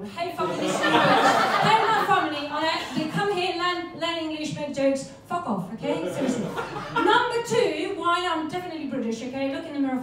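A woman, doing a brash, profane, self-mocking stand-up comedy set on a club stage. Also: high-pitched. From Poland. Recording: echoey club room, far from mic, audience laughter.

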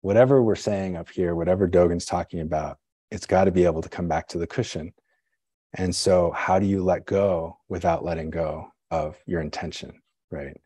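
A man speaks at a deep, low pitch with a husky, slightly breathy tone as he gives a Zen dharma talk. His delivery is conversational and musing, asking himself questions and checking in with the listeners. The voice is close and dry, with little room sound. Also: steady tone, moderate pace, warm tone, no room sound. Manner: frequent "right?" and "you know". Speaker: Zen teacher.

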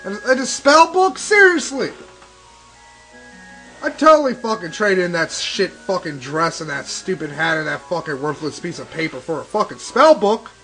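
A man's voice: high voice, big pitch swings, normal speed, pushed and bright, poor audio. A young man doing profane, sarcastic let's play commentary, ranting and swearing constantly. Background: game music.

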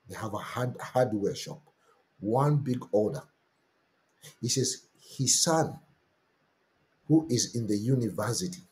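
Slow, deliberate male preacher. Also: on the low side, darkish tone. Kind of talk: sermon with testimony.

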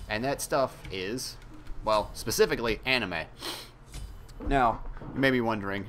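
A man's voice: medium pitch, measured pace, pauses often, a bit bright, slight background noise. A young man chatting casually while playing a game, rambling and mocking himself, with some swearing. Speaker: gaming YouTuber.

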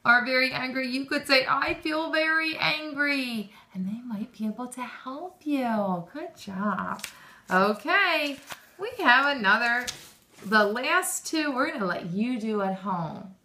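A woman's voice: on the high side, bright, forceful tone. A woman teaching a lesson to young children, encouraging them and praising often, with questions drawn out.

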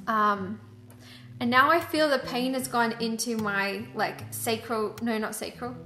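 Woman card reader, chatty and earnest, bright higher voice, echoey room with soft music behind. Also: a little slow. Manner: chatty, earnest, heavy use of "like". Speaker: tarot and angel card reader. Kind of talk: casual spiritual guidance vlog.

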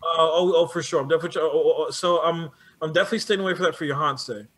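Guest producer, man, higher-pitched voice, animated and restless delivery, many repeated starts. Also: rapid-fire. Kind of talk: casual conversation.

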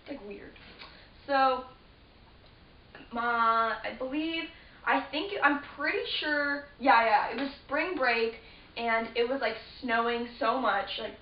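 A teenage girl with a fairly high voice rambles through a story, stacking fillers and restarting her sentences. She sits some way from the mic in a roomy space. The sound is dull and lo-fi under a faint hiss. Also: slow pace, far from the mic. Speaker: vlogger. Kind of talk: casual storytelling to camera.

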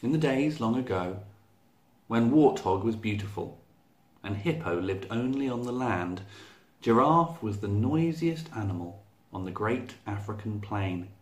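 A man reading a children's picture book aloud as a storyteller, slow and expressive. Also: fairly low pitch. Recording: echoey room.

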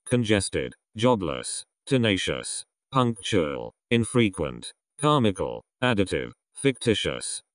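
A man reading a vocabulary list aloud one word at a time, letting his pitch drop at the end of each group. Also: dry recording, clean studio sound.

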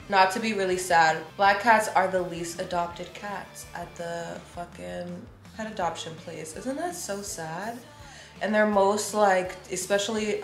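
A woman's voice: mid-range voice, measured pace. A woman around thirty chatting casually on her vlog, loose and rambling, swearing offhandedly and drifting into side comments. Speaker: beauty vlogger and makeup brand owner. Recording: echoey room with music playing.

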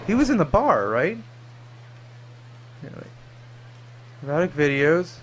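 Young male let's-player, cussing and excitable, slightly high voice. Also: a little slow, a little hiss or hum. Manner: profane, excitable, jokey. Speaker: gaming channel host. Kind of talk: let's play commentary. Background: game music.

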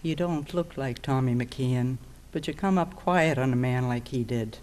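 A woman reading as a gruff, scornful old man. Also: very deep voice, a little slow, darkish tone. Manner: growling, scornful.

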